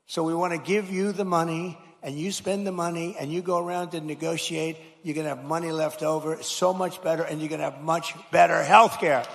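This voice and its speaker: A man's voice: fairly high pitch, steady tone, fairly quick, creaky, hardly any pauses. A man, a politician, giving a rambling, repetitive and emphatic rally speech from a podium mic in a large school hall. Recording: long hall reverb.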